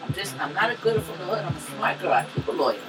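A woman co-hosting a podcast, telling a personal story in a loose, profane, animated way and laughing often. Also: lowish voice, fast, distant mic, music in the background, poor audio. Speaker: podcast co-host. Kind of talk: casual storytelling chat.

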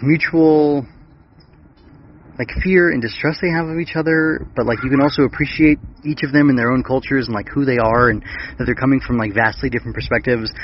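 A man's voice: medium pitch, muffled recording, slight background noise. A man hosting a podcast, chatting casually about a book with many fillers and restarts. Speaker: podcast host.

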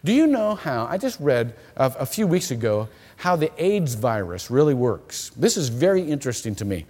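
A male pastor preaching a sermon, telling stories in an animated way with frequent repeated words. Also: medium pitch, moderate pace. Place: church hall. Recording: long reverb of a church hall.

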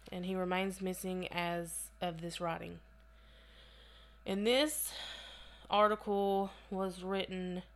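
A woman co-hosting a casual podcast, reading case notes aloud and breaking off into chatty asides. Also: mid-range voice. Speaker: podcast co-host.

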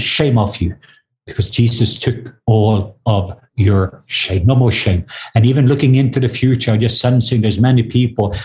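A middle-aged man from Norway, a guest minister, leading a slow, drawn-out spoken prayer. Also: lowish voice, darkish tone.

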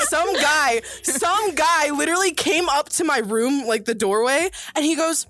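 A young woman, a podcast co-host, telling an expressive story in casual chat. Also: sits high, normal speed, hardly any pauses, no room sound, faint music behind.

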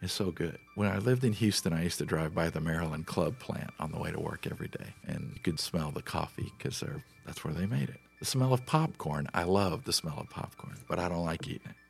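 A man's voice: sits low, animated, fairly quick, vocal fry, few pauses, faint music behind. A middle-aged man from Nebraska, a guest in a casual interview, telling rambling, easygoing stories about food.

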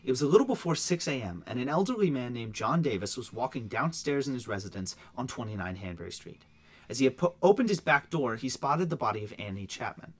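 A man co-hosts a casual true-crime podcast. He reads through case notes at a brisk clip with plenty of swing in his pitch and drops in quick offhand asides. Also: very animated. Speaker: podcast co-host.

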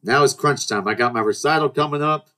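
This man's mid-range voice is brisk, pushed and bright. He's a podcast host in his twenties delivering a loose storytelling monologue, restarting frequently and acting out what people said.

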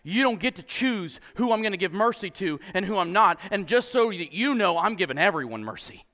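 A man preaching a sermon as pastor, animated and exclaiming often to his congregation. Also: sits high, brisk. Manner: animated, exclaiming "huh?" and "come on". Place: church hall. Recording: long hall reverb.

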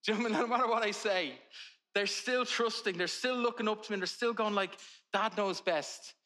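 A man in his forties preaching from the pulpit, with a high and bright voice. He talks to the congregation in a loose, chatty way and drifts into funny stories about his children. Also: fairly even intonation, fast talker. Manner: conversational preaching with humorous family anecdotes. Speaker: pastor. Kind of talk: sermon.

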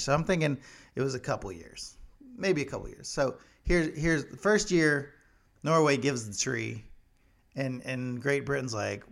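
A man's voice: medium pitch, lively intonation, moderate pace, gravelly. A man telling a rambling, joking story in a casual vlog monologue. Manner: rambling, joking, many fillers. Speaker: vlogger.

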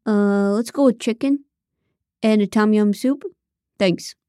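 A defensive, evasive young man on a reality show, voiced by a woman narrating an audiobook. He backpedals and stammers when pressed. The voice is mellow and sits close and dry. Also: medium pitch, unhurried, no echo, close to an everyday voice. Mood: casual.

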